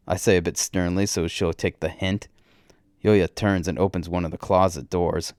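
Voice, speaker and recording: Man, very deep voice, dry close sound, first-person story reading, brisk and wry. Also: flat delivery, darkish tone, no room sound.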